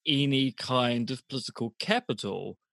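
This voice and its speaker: A man's voice: medium pitch, normal speed, creaky, fairly bright tone, no room sound. Dry-sounding man explaining on a podcast. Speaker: podcast co-host, academic. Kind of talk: casual podcast chat.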